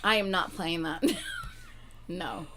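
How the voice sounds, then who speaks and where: A woman co-hosting a casual reaction livestream, excitable, with loud exclamations and cursing. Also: fairly low pitch, slow, noisy background. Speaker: livestream co-host.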